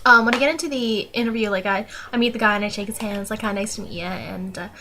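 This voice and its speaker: A woman's voice: a little high, quick pace, bright, forceful tone, a little hiss or hum. A young woman vlogging casually, telling a rambling story full of fillers and restarts. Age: young adult.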